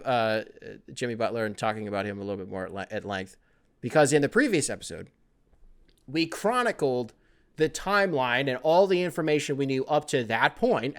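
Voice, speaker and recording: Smooth-voiced man hosting a sports podcast. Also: medium pitch. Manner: profane, rambling, joking, mocks athletes with put-on voices. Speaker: podcast host. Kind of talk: casual sports podcast monologue.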